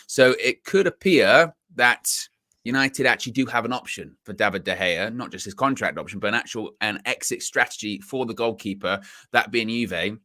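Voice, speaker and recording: A man co-hosting a football podcast, explaining news in a measured, conversational way. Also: on the low side, bright, forceful tone, dry recording, studio quality. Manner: measured, explanatory, laughs easily. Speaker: co-host. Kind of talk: casual football podcast chat.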